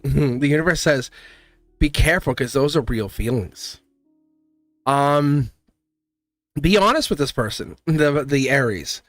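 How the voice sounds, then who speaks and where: A man's voice: a little high, fairly bright tone, dry recording. A man giving a live tarot reading, blunt and chatty, laughing often and acting out little voices. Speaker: tarot reader.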